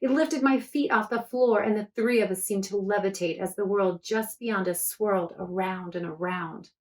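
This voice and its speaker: A woman's voice: medium pitch, moderate pace, darkish tone. A woman author reading her book aloud to children, chatty and enthusiastic between passages.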